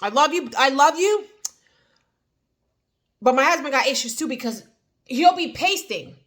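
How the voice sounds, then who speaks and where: A woman's voice: high-pitched, expressive, a little slow, fairly bright tone. A woman with a New Jersey accent chatting casually to the camera in an eat-and-chat vlog, rambling with many fillers and restarts. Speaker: vlogger.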